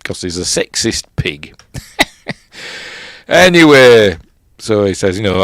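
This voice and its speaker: A man's voice: low voice, big pitch swings, takes it slowly, pauses often, a bit bright, no room sound, clean studio sound. A middle-aged man with a Yorkshire accent, rambling through a casual film commentary, correcting himself and chuckling between fillers. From Yorkshire, England. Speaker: film reviewer, host.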